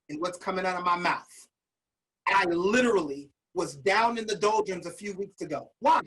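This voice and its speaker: A man's voice: sits high, fairly bright tone, low-quality recording. A man leading a virtual motivational master class, emphatic and repeating his key phrases like a preacher, speaking over a video call.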